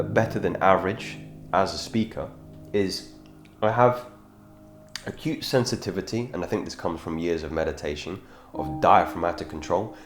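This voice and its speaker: A man hosting a self-improvement channel, giving a measured instructional talk on speaking and often correcting himself mid-sentence. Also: low voice. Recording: echoey room with background guitar music.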